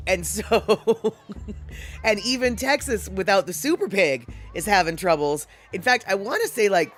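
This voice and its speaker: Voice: mid-range voice, fairly bright tone. A livestream host chatting casually and reading out viewers' comments, rambling along with lots of fillers and little laughs. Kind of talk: casual live-stream chat.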